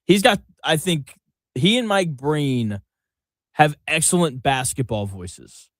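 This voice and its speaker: Guy hosting sports radio, kinda high voice, jokey, laughs a lot, dry close mic. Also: animated, no room sound. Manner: joking, laughs often, quick asides. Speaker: radio sports talk host. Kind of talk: casual sports radio banter.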